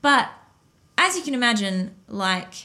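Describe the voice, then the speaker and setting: A young woman co-hosting a casual podcast, telling a story in a chatty, animated way and laughing often. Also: on the high side, unhurried.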